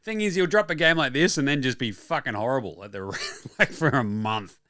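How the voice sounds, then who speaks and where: An Australian man hosting a basketball show, talking casually and excitedly with frequent swearing and quick asides. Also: mid-range voice, no echo, clean studio sound. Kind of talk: casual sports talk.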